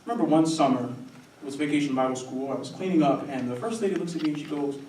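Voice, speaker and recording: A young man performing a wry, animated comic monologue on stage. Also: a little high, fast, a little hiss or hum. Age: young adult. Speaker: student solo performer. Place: theatre stage before a live audience. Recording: roomy stage sound from a distant mic.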